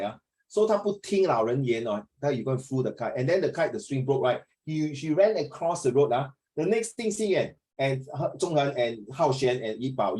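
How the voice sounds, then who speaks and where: A middle-aged man with a Singaporean English accent, teaching an online class over a video call. He tells stories in a chatty, animated way and slips into Mandarin. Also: mid-range voice, rough recording.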